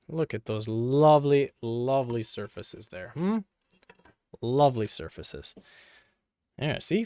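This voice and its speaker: Man, mid-pitched, playful self-talking commentary, dry close sound. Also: a little mellow, dry recording. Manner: playful, jokey, talks to himself and viewers. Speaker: PC hardware video creator. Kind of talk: casual running commentary while working.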